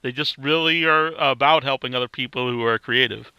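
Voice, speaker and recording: A man's voice: medium pitch, brisk, pushed and bright, clean tone, no room sound, rough recording. A man speaking earnestly and enthusiastically as a guest in a casual interview.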